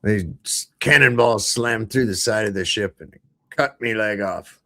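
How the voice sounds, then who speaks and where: A man's voice: on the low side, measured pace, a bit bright, no room sound. A man voicing a grizzled old male pirate with a hook and peg leg, growling "arr" in a sea-dog manner. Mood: gruff.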